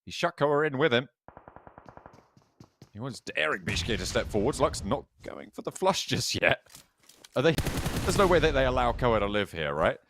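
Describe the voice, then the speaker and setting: Brit guy calling esports action, brisk and a bit jokey, slight background hiss. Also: medium pitch. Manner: brisk, jokey, building excitement on big plays. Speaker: esports caster. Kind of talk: live play-by-play commentary.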